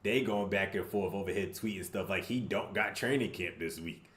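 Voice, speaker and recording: A man's voice: sits low, normal speed, fairly bright tone. A man co-hosting a sports podcast, casual and blunt, with profane slang. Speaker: podcast co-host. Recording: roomy echo.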